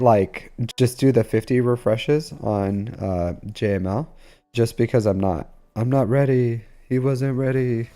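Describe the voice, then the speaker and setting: Laid-back low-voiced male streamer. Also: warm tone. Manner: rambling, filler-heavy, talks to chat. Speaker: game streamer. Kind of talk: casual live-stream chat.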